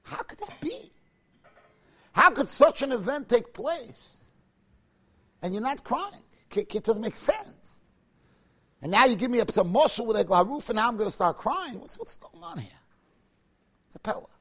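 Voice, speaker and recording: A man delivers a Talmud lecture in an unusually high voice. He argues with impassioned rhetorical questions and sudden bursts of emphasis, mixing Hebrew and Aramaic terms into his English. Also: big pitch swings, normal speed, pauses often, fairly bright tone. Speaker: rabbi teaching Talmud.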